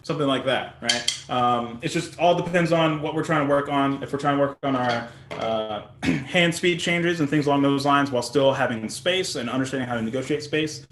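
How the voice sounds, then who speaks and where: A man teaching drumming in a casual, relaxed way, often asking "right?" as he explains patterns. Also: medium pitch, moderate pace, roomy sound, a little hiss or hum. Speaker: drum instructor. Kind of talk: casual instructional talk.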